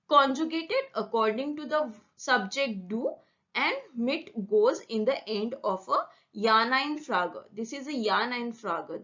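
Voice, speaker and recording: A woman with a fairly high voice gives a language lesson at a very unhurried pace, spelling out each rule step by step. She repeats the example words slowly for practice. The recording sounds dull and lo-fi. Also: a bit bright. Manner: slow, deliberate, repeats example words for drilling. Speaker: German teacher.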